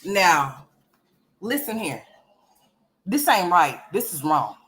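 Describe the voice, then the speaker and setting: Bright, brash woman ranting on commentary. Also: on the low side, big pitch swings, slow pace. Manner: blunt, profane and teasing, with playful mock outrage. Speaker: commentary channel host. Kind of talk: casual reaction commentary.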